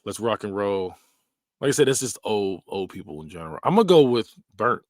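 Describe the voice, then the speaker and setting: A man's voice: fairly low pitch, a little fast, no echo, clean studio sound. Laughing man reacting on a podcast. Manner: laughs often, animated and joking. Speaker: podcast host. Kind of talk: casual reaction commentary.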